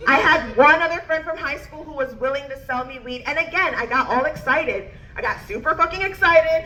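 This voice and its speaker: A woman's voice: high-pitched, lively intonation, fairly quick, hardly any pauses, noisy background. A woman comedian telling a standup story, bubbly and laughing as she goes.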